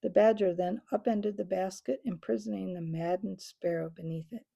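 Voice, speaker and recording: Woman with a gravelly voice reading a storybook aloud. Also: mid-range voice, normal speed. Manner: expressive storytelling with small slips. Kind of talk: children's book read-aloud.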